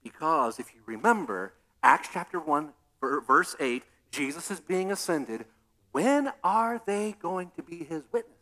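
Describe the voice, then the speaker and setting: A male pastor preaching a sermon in an animated way, acting out scenes with humor. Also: a little high, unhurried.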